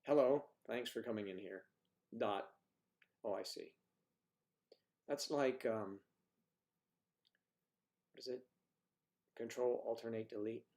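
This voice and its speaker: A man's voice: mid-range voice, slow pace, vocal fry, long pauses, a little mellow. A man hosting a livestream, chatting casually and joking in rambling asides as he reacts to viewer comments. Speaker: livestream host.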